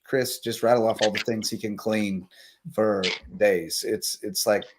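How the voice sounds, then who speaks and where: A man hosting a late-night live sports talk show, chatting casually and rambling through sponsor shout-outs while tired. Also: on the low side, steady tone, unhurried, a little hiss or hum. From South Carolina Lowcountry.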